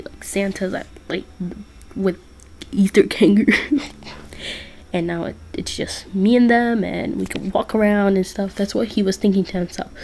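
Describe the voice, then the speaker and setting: Slow, giggly woman reading a fan story. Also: medium pitch, mellow. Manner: giggly, rambling with fillers.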